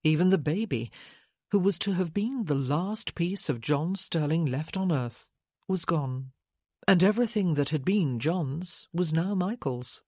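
Unhurried romance narrator, dry close sound. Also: mid-range voice, animated, warm tone, no room sound. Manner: slow, measured. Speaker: audiobook narrator. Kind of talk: scripted narration.

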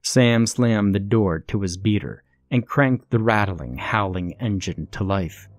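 Low-voiced man narrating a horror story. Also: unhurried, no room sound. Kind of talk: scripted narration. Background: faint music.

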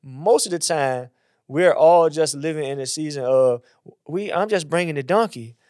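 A man who is a pastor, chatting about faith in a casual, animated way and acting out quotes in a higher voice. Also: moderate pace. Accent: Southern US.

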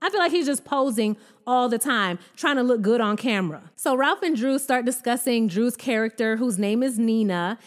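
A woman giving a sassy, exasperated recap of a reality show, her voice swinging up and down in pitch. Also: animated, moderate pace, hardly any pauses. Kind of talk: casual commentary.

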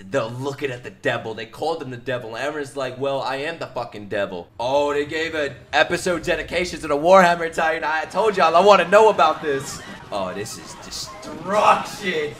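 A young man reacting to an anime episode, excitable and profane, shouting and laughing at the big moments. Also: mid-range voice. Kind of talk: live reaction commentary.

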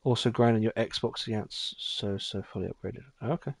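A man giving casual, rambling commentary while streaming a game, chatting easily and getting excitable when the action heats up. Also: fairly low pitch, moderate pace, vocal fry, slightly rough, no echo. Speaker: gaming streamer.

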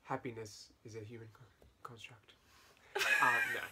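A man in his twenties chatting casually with a friend, playful and teasing, with animated asides. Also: on the low side, normal speed, heavy background noise. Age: 20s. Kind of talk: casual chat between friends.

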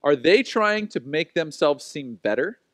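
A man in his forties preaching a sermon, telling personal stories in an animated, self-mocking way. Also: fairly high pitch, a little slow, dry recording. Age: 40s. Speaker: pastor.

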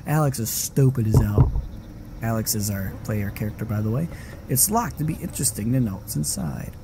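A man's voice: lowish voice, expressive, moderate pace, noisy background. A man streaming a horror game live, rambling and swearing casually as he plays. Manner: rambling, self-interrupting and swearing; frequent laughing asides. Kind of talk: casual live gaming commentary.

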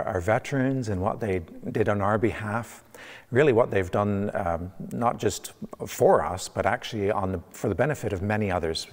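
A man preaching a conversational sermon as pastor, from Canada, with frequent restarts and fillers. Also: fairly low pitch. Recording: long church reverb.

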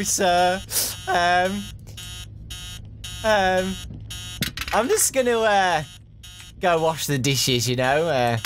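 A young man commentates his way through a horror game, his voice swinging widely in pitch as he mutters nervously to his viewers. He talks in an unhurried way, and a faint hiss sits under the recording. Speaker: gaming YouTuber.

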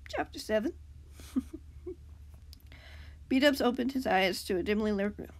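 A woman reading her own fan fiction aloud in a casual way, with slips and quick self-corrections. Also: medium pitch.

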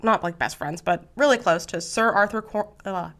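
Animated woman telling history stories. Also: mid-range voice, normal speed. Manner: animated, laughing, acts out voices. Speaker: podcast co-host. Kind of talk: casual chat storytelling.

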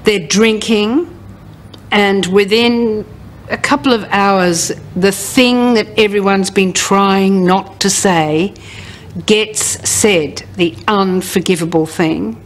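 A woman's voice: medium pitch, slow. Middle-aged woman interviewee, sardonic storyteller, faint room noise. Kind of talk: casual chat.

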